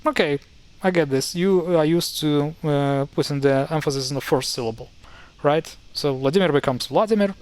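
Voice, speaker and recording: Wry man explaining pronunciation, slightly high voice. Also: fairly even intonation, moderate pace, hardly any pauses, smooth. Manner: wry, mildly exasperated, many fillers and restarts. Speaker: language explainer. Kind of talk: casual screen-share tutorial.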